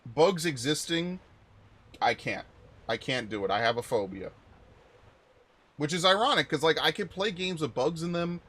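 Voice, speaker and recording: A young man streaming a video game, chatting casually with viewers and rambling through stories with sudden loud outbursts. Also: fairly high pitch, expressive, moderate pace, pauses often. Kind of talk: casual live-stream chat while playing.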